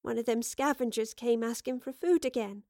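Timid young woman survivor, read by a woman, uneasy, colloquial speech, higher voice. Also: normal speed, no room sound, clean studio sound, close to an everyday voice.

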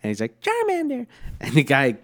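A man's voice: fairly low pitch, animated, moderate pace. A man co-hosting a podcast in casual chat, laid-back, swearing freely and laughing often. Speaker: podcast co-host.

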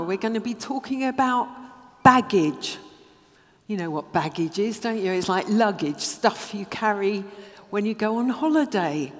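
A woman leading a children's talk in a church service, speaking in a friendly, coaxing way to the children. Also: mid-range voice. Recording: reverberant church hall.

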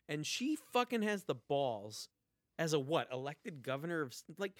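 A man's voice: on the high side, big pitch swings, normal speed, dry recording, clean studio sound. Exasperated man ranting on a podcast. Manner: exasperated ranting with heavy swearing. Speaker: podcast co-host. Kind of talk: casual chat.

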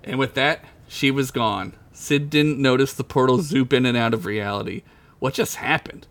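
A man's voice: medium pitch, moderate pace, creaky, fairly bright tone. A man reading his own comic fantasy story aloud on a podcast, casual and laughing into his lines.

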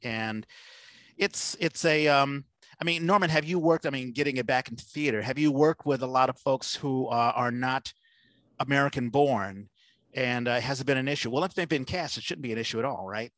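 A man's voice: medium pitch, moderate pace, fairly bright tone, no room sound. A man hosting a podcast over a video call, talking in a rambling way with many fillers and restarts. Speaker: podcast host. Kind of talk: casual video-call conversation.

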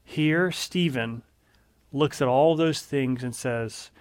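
A man's voice: mid-range voice, takes it slowly. A man preaching a sermon in an earnest, emphatic way, leaning on repeated phrases.

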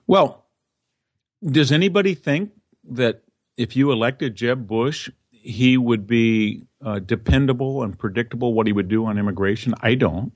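A man's voice: mid-range voice, moderate pace, no room sound, clean studio sound. A man, an interview guest, giving political commentary in a conversational way with restarts and quoted asides.

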